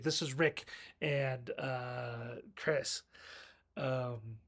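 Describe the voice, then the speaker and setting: A man's voice: fairly high pitch, measured pace, a bit bright, dry recording, studio quality. A man giving a rambling, jokey film review from his bedroom, often poking fun at himself. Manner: rambling, self-mocking, jokey. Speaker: video reviewer. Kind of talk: casual film review monologue.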